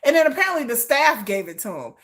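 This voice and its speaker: A woman's voice: high voice, very animated, quick pace, fairly bright tone. A woman hosting a casual fan livestream, rambling and laughing as she talks to her chat, swearing freely. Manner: swears freely, Southern-flavored slang. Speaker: livestream host.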